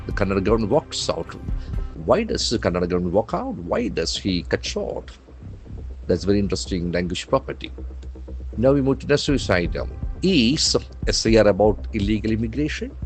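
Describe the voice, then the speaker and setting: A man with an Indian English accent teaching English vocabulary from the day's newspaper, spelling words letter by letter and repeating them slowly for practice. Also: fairly low pitch. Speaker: English trainer. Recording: faint music behind.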